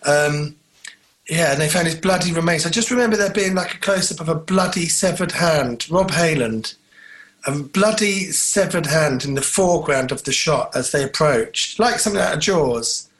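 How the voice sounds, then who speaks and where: A man chats casually as a podcast co-host. He tells rambling, jokey stories in a slightly high voice. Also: moderate pace, fairly bright tone. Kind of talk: casual chat.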